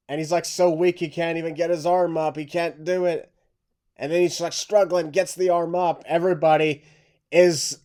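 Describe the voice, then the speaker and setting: A man's voice: a little high, fairly even intonation, a little mellow. A man co-hosting a casual podcast, speaking in an emphatic, dramatic way. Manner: emphatic, drawn-out dramatic retelling. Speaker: podcast co-host.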